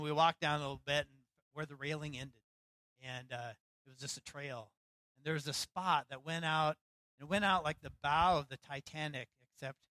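A middle-aged man pastor preaching a sermon, telling a personal story with lively acted-out quotes. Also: a little high, no echo, rough recording. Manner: storytelling, animated, acts out quotes.

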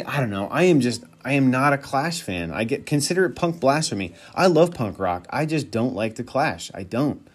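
A man hosting a solo podcast, rambling and thinking aloud in a casual, profane way. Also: medium pitch. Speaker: podcast host.

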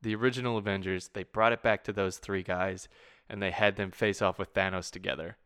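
A man in casual conversation about a film, excitable and laughing often, quoting lines from the movie. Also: low voice, brisk, clean tone. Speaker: movie fan discussing a film. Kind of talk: casual chat.

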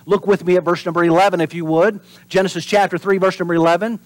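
A pastor delivering a sermon in an animated preaching manner. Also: male voice, high-pitched, fast, dry recording. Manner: animated preaching, acts out voices and drops to whispers for emphasis.

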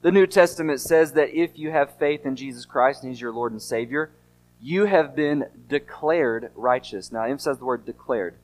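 A man's voice: mid-range voice, steady tone, fast talker, few pauses. A man preaching a sermon as pastor, earnest and emphatic, often asking rhetorical questions.

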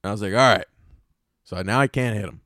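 A man's voice: on the low side, very fast, no echo, clean studio sound. A man hosting a podcast, telling a rambling, profanity-heavy story and often correcting himself mid-sentence. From North Carolina, US. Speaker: podcast host. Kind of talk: casual storytelling monologue.

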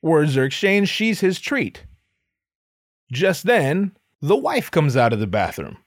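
A man's voice: a little high, big pitch swings, slow, dry recording. Male comedy podcaster, profane and rambling, mock-boastful storytelling, dry sound. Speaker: podcast host.

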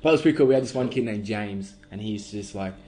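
Young aussie guy rambling fast, swears a lot, casual podcast chat. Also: on the low side, crowd noise. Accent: Australian. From Western Australia. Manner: rambling, swears freely, quick storytelling. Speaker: podcast guest.

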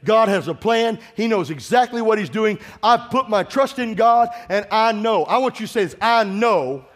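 Preaching at a normal speed in a high-pitched voice, a male pastor exhorts his congregation to call out responses and shares personal stories. The recording carries the long reverb of a large hall, with the congregation present in the church sanctuary.

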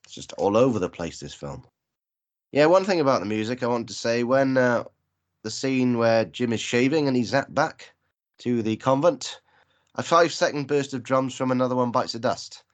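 A man's voice: mid-range voice, animated, normal speed. A man making dry, wry comments in a casual chat about a film. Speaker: film podcast co-host.

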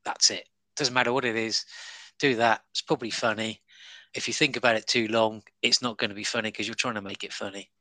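Bright-voiced comedian, rambling and chuckling. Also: male voice, on the low side, steady tone, fairly quick, no room sound. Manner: rambling, chuckling, many fillers and restarts. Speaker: stand-up comedian, guest. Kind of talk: casual interview chat. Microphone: online call app.

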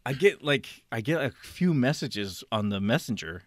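Male podcast host, casual storyteller, rambling and animated, mid-range voice, dry sound. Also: mid-range voice, moderate pace, no room sound. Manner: rambling, animated, acts out quotes, laughs often.

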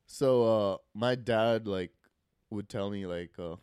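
A man's voice: fairly low pitch, takes it slowly, a little mellow, clear, resonant tone, no echo. Young male guest from India, rambling storyteller, dry close sound. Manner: rambling storyteller, many fillers. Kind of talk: casual podcast chat.

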